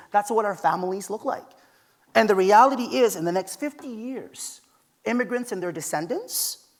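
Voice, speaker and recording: A man giving a conference keynote from a stage, telling personal stories in a conversational, emphatic way. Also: high-pitched. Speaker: keynote speaker.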